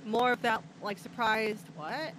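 A woman's voice: a little high, unhurried, fairly bright tone, slight background noise. A woman hosting a mock true-crime podcast, chatty, with stumbling phrasing and frequent giggles. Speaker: host.

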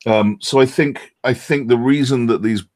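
A man's voice: mid-range voice, normal speed, a little mellow, dry recording, clean studio sound. A middle-aged British man, an actor and former acting coach, explaining at length in a chatty, self-deprecating way with many ums. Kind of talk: interview answers.

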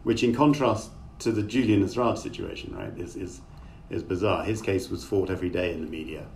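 Deep gravelly middle-aged man on a call. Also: animated, a little fast, darkish tone. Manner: thoughtful, rambling, with many fillers. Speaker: author and guest. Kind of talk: conversational interview over a video call. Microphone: remote call microphone. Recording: distant mic with faint noise.

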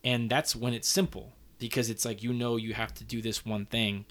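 A man's voice: mid-range voice, flat delivery, normal speed, a bit bright. A man in his thirties talking in a casual, heartfelt, rambling way, with lots of fillers and some swearing. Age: 30s. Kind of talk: casual conversation.

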